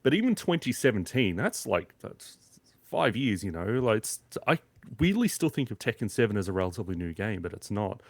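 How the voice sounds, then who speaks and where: A man's voice: lowish voice, very animated, a little fast, no echo. A man co-hosting a casual gaming podcast, talking enthusiastically and rambling with frequent restarts. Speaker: podcast co-host.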